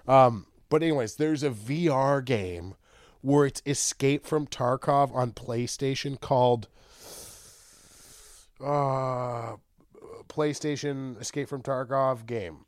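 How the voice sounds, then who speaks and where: A young man co-hosting a podcast, throwing in quick crude one-liners. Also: medium pitch, no echo, clean studio sound. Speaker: podcast co-host. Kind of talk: crude casual chat.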